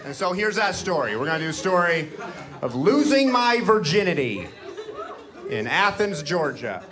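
A man doing stand-up comedy, telling a long personal story on a club stage, his voice jumping loud and high at punchlines. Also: sing-song, normal speed, crowd noise. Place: comedy club stage before a live audience.

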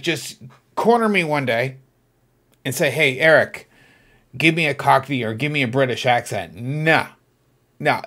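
A man hosting his own podcast, telling a personal story in an earnest, reflective way that turns animated when he gets excited. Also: medium pitch. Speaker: podcast host. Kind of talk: casual storytelling monologue.

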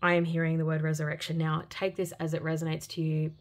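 A woman giving an intuitive tarot reading for viewers, speaking in an earnest, gentle and heartfelt way and often repeating phrases. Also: sits low, completely flat delivery, fast. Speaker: tarot reader.

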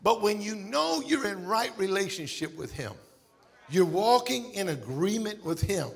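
A middle-aged male pastor preaching a sermon in a church, emphatic with shouts and exclamations. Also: high-pitched, sing-song, measured pace, vocal fry. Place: church sanctuary.

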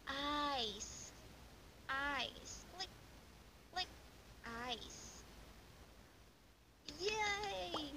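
Young woman teacher doing a kids demo lesson, super slow and bouncy, hissy mic. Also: sits high. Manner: slow, exaggerated, sing-song praise. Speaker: online English teacher. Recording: hissy home recording.

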